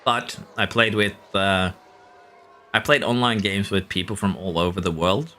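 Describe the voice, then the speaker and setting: A man's voice: low-pitched, steady tone, a little slow, sharp tone, a little hiss or hum. A Norwegian man, a streamer, chatting casually with his live audience while playing, answering chat and chuckling often. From Norway.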